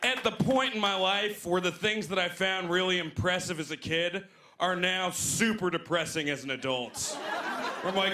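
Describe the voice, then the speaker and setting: A man in his twenties doing a stand-up set, animated and jumping into loud put-on voices. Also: sits high, moderate pace, very noisy. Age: 20s. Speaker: stand-up comedian. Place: comedy club stage. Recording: live club recording with crowd laughter. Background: audience laughing.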